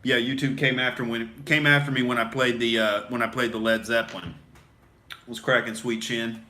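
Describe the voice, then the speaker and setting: Swaggering, forceful bro-ranting comedian man. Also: medium pitch, little pitch movement, normal speed, slight background noise. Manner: swaggering, swearing, keeps saying "dude"; pumped-up, beer-drinking rant. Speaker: comedian hosting a satirical podcast. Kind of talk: satirical bro rant in character.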